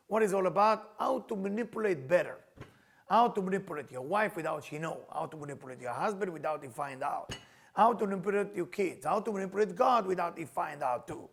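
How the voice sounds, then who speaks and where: Teaching a spiritual class, this middle-aged Kabbalah teacher uses non-native English phrasing and gets animated, performing the voices of those he quotes. He sounds high-pitched and husky.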